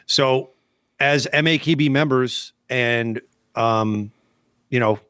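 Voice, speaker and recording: A relaxed man co-hosts a casual podcast, laying out details in a matter-of-fact way. His voice sits at a middle pitch with a dry, close sound. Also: slow, clear, resonant tone, dry recording. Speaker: podcast co-host.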